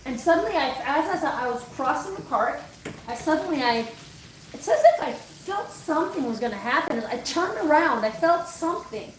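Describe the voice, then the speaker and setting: A woman's voice: high-pitched, lively intonation, moderate pace, recorded from a distance, a little hiss or hum. A middle-aged woman dog groomer chatting on a livestream, telling a story in a rambling, self-correcting way. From Canada. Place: grooming room. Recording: echoey room, voice off-mic.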